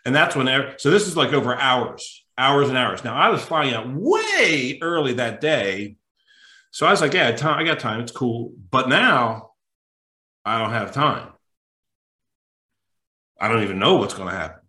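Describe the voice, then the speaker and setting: A coach tells a story with lots of energy, stressing words and acting out the people in it. His voice is bright and forward, and his words ring in an echoey room. His pitch sits at a middle level. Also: a little slow, pauses often. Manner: lively, emphatic, acts out quotes. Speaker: mental toughness coach, podcast guest. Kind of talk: animated anecdotal storytelling.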